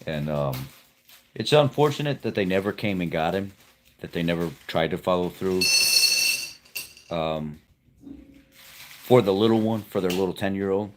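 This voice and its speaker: Low-voiced dude at home just chatting on his live stream, rambly and folksy. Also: lively intonation, normal speed, pauses often, background noise. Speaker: livestream host. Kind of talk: casual storytelling to viewers. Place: at home with pets nearby.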